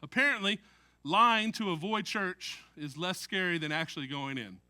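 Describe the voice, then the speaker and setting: A man preaches with a high and very bright, sharp voice. He keeps it chatty, mixing jokes into the sermon and often tossing a "right?" to the listeners. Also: moderate pace. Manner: conversational preaching with jokes and frequent "right?" asides. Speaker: pastor.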